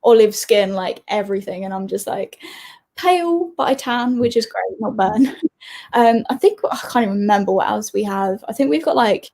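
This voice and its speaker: A woman's voice: medium pitch, animated, moderate pace, gravelly, a little mellow. A young woman from England with an English accent, chatting as a guest in a bubbly, giggly way. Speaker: guest YouTuber. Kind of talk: casual interview chat.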